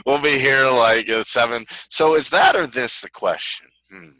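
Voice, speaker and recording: A man's voice: mid-range voice, moderate pace, bright, forceful tone, no echo, poor audio. A man co-hosting a podcast in a casual, joking chat, who laughs often. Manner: laughs often, slips into comic voices. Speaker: podcast co-host.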